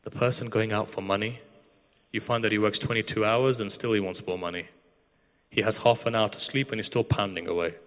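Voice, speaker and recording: A man's voice: lowish voice, fairly even intonation, brisk. Man preaching in an echoing hall. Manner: addresses the audience directly, guides them through imagining a scene. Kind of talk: religious mourning sermon. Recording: tinny, phone-like sound with long hall reverb.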